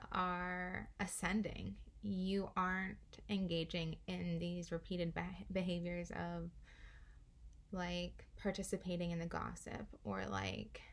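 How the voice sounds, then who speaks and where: Woman, young adult, unhurried, slightly low pitch, spiritual card reading, meandering. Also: gravelly. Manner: gentle, meandering, laughs often. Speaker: oracle card reader.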